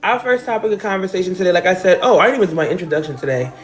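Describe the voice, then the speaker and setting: A woman's voice: on the low side, rapid-fire, faint music behind. A woman from New Jersey hosting a casual live stream from home, talking emotionally and directly to her viewers. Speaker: livestream host. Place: at home, decorated with balloons and pictures.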